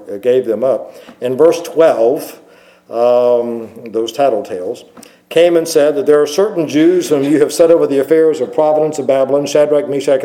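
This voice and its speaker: A man's voice: mid-range voice, dark tone, poor audio. A male pastor preaching at a microphone in a chatty storytelling way, with many fillers and restarts. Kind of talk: sermon.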